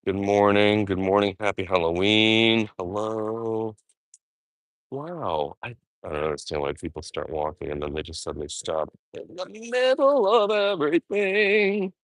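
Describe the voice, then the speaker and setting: A man's voice: low-pitched, steady tone, normal speed, fairly bright tone, no room sound. A man chatting casually on a live walking vlog outdoors in a park, rambling with fond asides. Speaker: vlogger.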